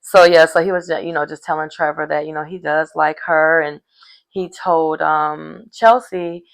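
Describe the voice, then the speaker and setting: A woman's voice: sits low, steady tone, normal speed, creaky, poor audio. A woman casually recapping a reality dating show, chatty and full of fillers, retelling scenes through quoted dialogue.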